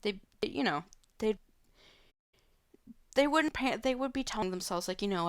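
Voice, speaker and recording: A woman live streamer answers viewer questions from a room at home, rambling loosely with many fillers and restarts. Her mid-range voice has lively intonation at a normal speed with long pauses, and the sound is clean, studio-like, and free of echo.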